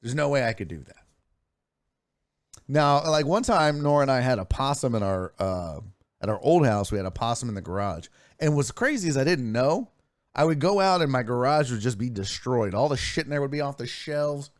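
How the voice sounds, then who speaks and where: On a sports live stream, the male host chats casually, tells stories, reads chat messages aloud and swears freely. His medium-pitched voice has lively intonation at a normal speed, captured in a dry, clean studio recording.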